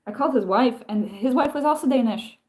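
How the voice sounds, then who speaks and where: A woman's voice: on the high side, brisk, darkish tone. A woman chatting casually on a live stream, telling stories in a rambling way with many restarts and answering viewer comments. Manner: rambling, self-interrupting storytelling with many restarts.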